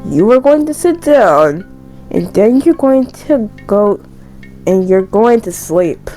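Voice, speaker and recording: A woman voicing a grumpy young male rabbit in a dating game, scolding slowly and firmly. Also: medium pitch, lively intonation, warm tone, soft background music. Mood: stern. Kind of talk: game dialogue read aloud.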